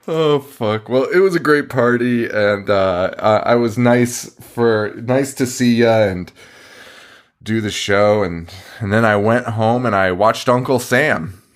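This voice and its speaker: A man's voice: mid-range voice, slow. A man co-hosting a podcast in casual chat, telling stories with lots of laughter and swearing. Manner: lively, laughing storyteller, swears freely. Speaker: podcast co-host.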